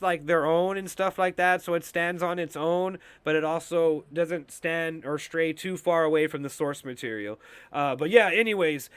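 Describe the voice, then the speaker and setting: Excitable foul-mouthed man recapping a show. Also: fairly high pitch, smooth, no room sound. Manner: profane, rambling, excitable, heavy filler words. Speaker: show host and reviewer. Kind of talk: casual recap and review.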